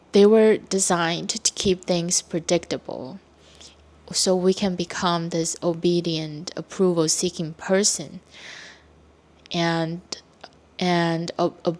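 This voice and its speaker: A woman creator speaking in a thoughtful, reflective monologue, pausing and restarting as she works through her ideas. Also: fairly low pitch, a little mellow. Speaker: video creator.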